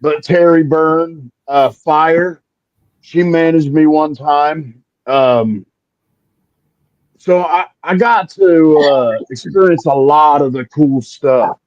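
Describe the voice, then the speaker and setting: Animated Midwestern man telling stories, lo-fi. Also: on the high side, takes it slowly, dry recording. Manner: animated anecdotes, acts out quotes. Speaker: guest, wrestler. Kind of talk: casual storytelling.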